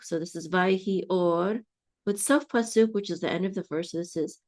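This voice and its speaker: A woman with a fairly low, darkish voice teaches a slow, patient lesson on reading Biblical Hebrew. She frequently pauses to check in with her listeners and restarts her phrases.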